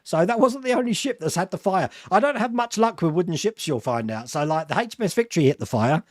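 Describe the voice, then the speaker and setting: Hosting a live stream, a middle-aged British man reads through viewer comments in a high voice with lively intonation and a quick pace. He wanders off topic, laughs a lot and mocks himself. There's no room sound, and the quality is studio level.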